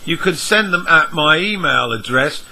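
A man teaching English vowel sounds, spelling out letters and sounds one at a time in a measured lesson. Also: fairly high pitch, expressive, creaky, bright, forceful tone, rough recording. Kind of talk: slow, deliberate lesson explanation.

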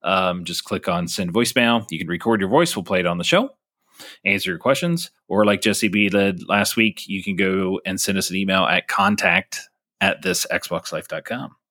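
A man's voice: deep voice, moderate pace, pushed and bright, no room sound, studio quality. A man co-hosting a podcast, talking casually and loosely with lots of fillers. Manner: loose and chatty, many fillers. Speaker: podcast co-host.

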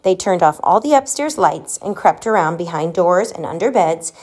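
A woman reading a children's storybook aloud, gentle and expressive, giving the children's lines their own voices. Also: on the low side, normal speed.

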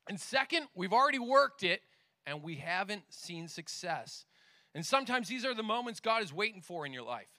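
A middle-aged man delivers an outdoor sermon downtown in a strikingly high, sharp and bright voice. The sound is close and dry with almost no room around it. He tells stories animatedly, acting out the voices of the people in them. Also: dry recording. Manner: animated storyteller acting out dialogue. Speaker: pastor. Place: outdoors downtown with passing motorcycles.

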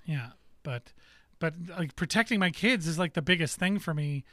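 A man co-hosting a podcast, telling a story in casual chat, animated and swearing freely. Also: fairly high pitch, moderate pace, no room sound, clean studio sound. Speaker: podcast co-host.

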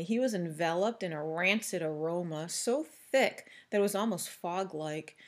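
A woman reading a novel aloud in a steady, measured storytelling manner. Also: lowish voice. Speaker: audiobook reader.

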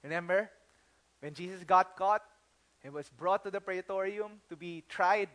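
Man, pastor, Filipino accent, very high voice, animated storytelling sermon, slips into Tagalog. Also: moderate pace. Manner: animated storytelling, acting out quotes; mixes English with Tagalog phrases.

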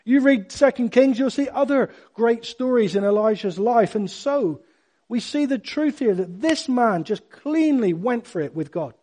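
Casting: middle-aged male preacher, light high voice, emphatic bursts. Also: unhurried. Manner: emphatic, animated preaching with sudden loud bursts. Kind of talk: sermon.

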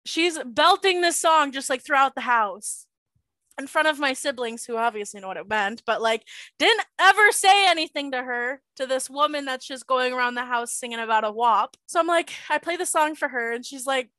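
A woman's voice: sits high, lively intonation, normal speed, sharp tone, no echo. A woman in her twenties co-hosting a podcast, telling gossipy, exasperated stories about her parents in casual chat. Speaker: podcast co-host.

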